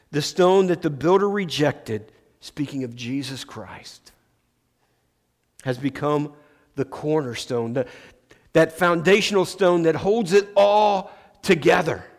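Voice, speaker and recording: A man preaching a sermon as pastor, slow and emphatic, restarting his phrases often. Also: fairly high pitch. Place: church sanctuary. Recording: long church reverb.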